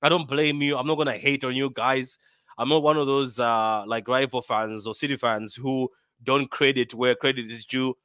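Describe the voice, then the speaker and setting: A man from Africa hosting a football fan channel, giving a casual match reaction with lively banter and lots of repetition. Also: medium pitch, moderate pace, smooth, no room sound, studio quality. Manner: animated, bantering, repeats himself.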